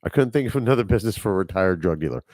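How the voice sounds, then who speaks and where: A man with a fairly low voice talks alone into a microphone, drifting from one tangent to the next and chuckling at himself. The sound is dry and close, with no room around it. It is a casual solo podcast chat about movies. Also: expressive, rapid-fire, a little mellow, dry recording. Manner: rambling, chatty, laughs at his own tangents. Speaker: podcast host. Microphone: speaking into a microphone.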